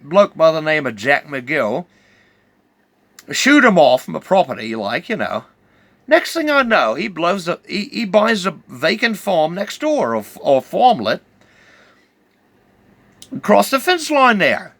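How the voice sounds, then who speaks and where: A man's voice: high voice, sing-song, slow, pauses often, fairly bright tone, no room sound. A middle-aged man telling a rambling comic yarn, stammering and full of hesitations. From New Zealand. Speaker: storyteller.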